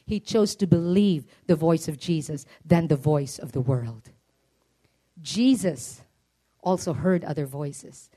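A woman preaching a sermon, rising to high, emphatic peaks. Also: dark tone.

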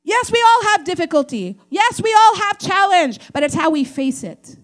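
A woman pastor preaching a sermon in an animated way, acting out quoted voices. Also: very high voice, moderate pace.

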